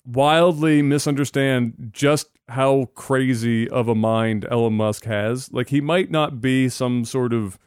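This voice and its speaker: A man riffing on a podcast, swearing freely and growing loud and animated when he gets going. His voice is smooth and resonant, and the room sounds dry and close. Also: mid-range voice, slow pace, few pauses, dry recording. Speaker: podcast host. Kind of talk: casual profane chat.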